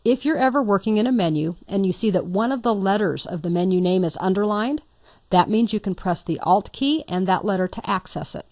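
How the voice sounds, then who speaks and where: A woman's voice: mid-range voice, expressive, fairly quick, a little mellow, no room sound, clean studio sound. A woman instructor talking through a computer tutorial step by step, patient and lightly playful. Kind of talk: screen-recorded software tutorial.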